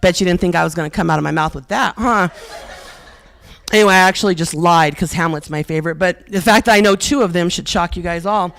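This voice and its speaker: A woman's voice: fairly low pitch, quick pace, a bit bright. A middle-aged woman performing a stand-up comedy set on a theater stage, telling stories with brassy, self-mocking asides and punchy lines. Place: historic theater stage with live audience.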